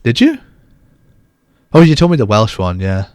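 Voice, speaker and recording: A man's voice: mid-range voice, huge pitch swings, normal speed, darkish tone, no room sound, clean studio sound. A man co-hosting a podcast, chatting casually in a bantering, self-deprecating way. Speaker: podcast co-host.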